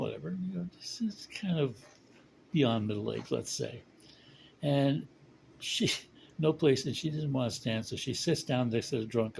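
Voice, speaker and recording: Gravelly man, rambling joke teller, faint hiss behind. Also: medium pitch, darkish tone, poor audio. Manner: rambling, chuckling, slows for punchlines. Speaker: storyteller. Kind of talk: casual joke telling.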